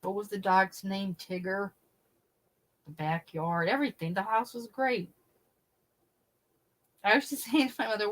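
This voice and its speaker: A woman's voice: medium pitch, unhurried, pauses often. A middle-aged woman chatting casually to her livestream viewers, laughing often and acting out the voices of people she quotes. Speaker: livestream host. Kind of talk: casual chat.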